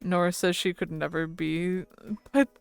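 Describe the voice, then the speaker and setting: A woman's voice: on the low side, a little slow, clear, resonant tone, no echo, soft background music. A woman streamer chatting casually with her viewers, rambling and laughing often into a close mic.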